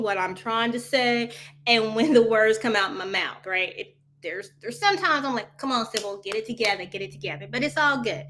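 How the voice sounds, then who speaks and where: Her voice is on the high side, pushed and bright, as she hosts a chatty live coffee session. She skips between topics, laughs a lot, and addresses viewers as y'all while responding to their comments.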